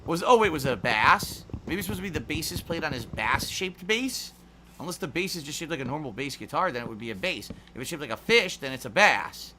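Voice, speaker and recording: A man's voice: a little high, big pitch swings, brisk, bright, forceful tone, slight background noise. A man casually chatting on a gaming livestream, rambling and musing aloud with some swearing, yawny tonight. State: yawny, sleepy. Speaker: streamer.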